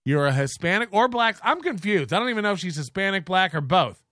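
A man's voice: high-pitched, big pitch swings, quick pace, pushed and bright, no echo, studio quality. A male show host ranting crudely and mockingly about a viewer dispute, laughing at his own jokes.

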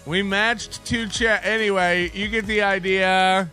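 A man's voice: high-pitched, steady tone, unhurried, sharp tone, soft background music. A man hosting a casual livestream, rambling and self-mocking, with frequent swearing. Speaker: livestream show host.

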